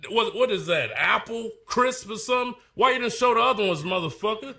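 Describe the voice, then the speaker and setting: A man's voice: high-pitched, normal speed, gravelly. A man angrily ranting and cursing while reading product ingredients aloud. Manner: loud, profane, animated ranting. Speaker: fitness personality reading product labels. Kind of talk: heated ranting clip.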